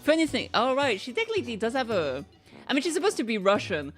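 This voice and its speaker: A young woman streaming a game, reading lines aloud and reacting with quick laughs and stammered restarts. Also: fairly high pitch, wildly swooping pitch, soft background music. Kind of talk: casual let's-play commentary, reading lines aloud.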